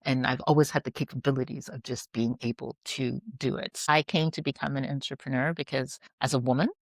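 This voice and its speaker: A middle-aged woman, an entrepreneur being interviewed, talking in a lively storytelling way. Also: a bass voice, fairly quick, no echo, clean studio sound. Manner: animated, acts out quoted voices. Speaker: entrepreneur guest.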